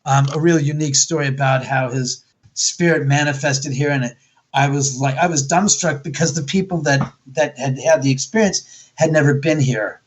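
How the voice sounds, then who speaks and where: A man's voice: a little high, normal speed, lo-fi sound. Blunt, foul-mouthed man telling stories. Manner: blunt, profane storytelling; acts out quoted voices. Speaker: author and guest. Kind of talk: casual radio interview.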